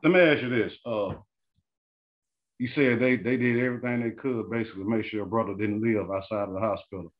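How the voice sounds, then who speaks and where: A low-voiced man fires off quick questions as the interviewer, piling up parts and restarting as he goes. His voice comes through dull and lo-fi. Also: steady tone. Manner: quick, rambling multi-part questions. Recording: dull lo-fi sound.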